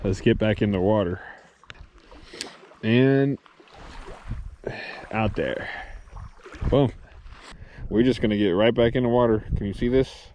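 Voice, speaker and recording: A man vlogging his solo fishing trip outdoors, talking excitedly to the camera and the fish he catches, swearing casually as he films himself. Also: lowish voice, slow, long pauses, dull audio, a little hiss or hum. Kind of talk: excited outdoor vlog commentary. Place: outdoors on a reservoir shore.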